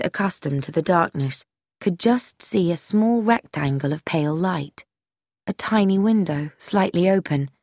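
A woman narrates an audiobook with a lowish voice, reading very slowly and deliberately. The sound is dry and close, with no room around it. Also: no echo.

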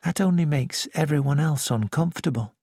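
A reader voicing a quiet, honest young woman who speaks softly and earnestly, in an audiobook. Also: medium pitch, brisk, slightly rough, no echo, studio quality. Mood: gentle. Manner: soft, gentle, earnest.

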